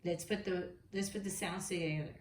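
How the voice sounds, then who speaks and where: A woman's voice: lowish voice, steady tone, moderate pace, darkish tone, distant mic, a little hiss or hum. A woman teaching a preschool lesson to young children, patiently sounding out letters and words. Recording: echoey room, voice away from the mic.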